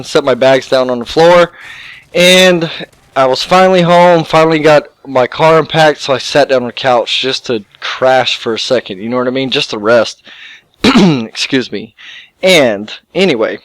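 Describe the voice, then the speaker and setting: A young man casually telling a long, rambling, profane story to his viewers, animated and full of fillers. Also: mid-range voice, no echo, rough recording. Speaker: gaming YouTuber.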